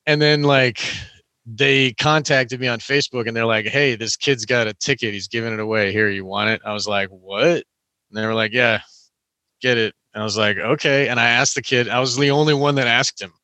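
A man's voice: medium pitch, steady tone, fairly quick, sharp tone, no room sound. A young man telling a long story in casual chat, rambling with lots of "like" and "you know".

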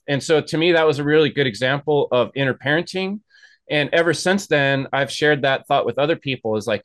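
A man's voice: fairly high pitch, brisk, a bit bright, no echo. Chatty male host, dry sound. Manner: rambling, chatty storytelling. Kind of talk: casual interview chat.

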